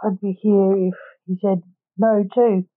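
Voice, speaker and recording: A woman voicing a deadpan, insane young male sorcerer in a read-aloud story. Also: medium pitch, a little slow, phone-quality sound, close to an everyday voice.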